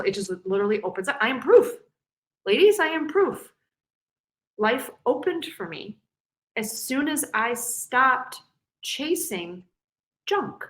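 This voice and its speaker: A woman's voice: on the high side, a bit bright. A woman guest on a podcast, talking animatedly and slipping into silly complaining voices to act out other people. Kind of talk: casual podcast conversation.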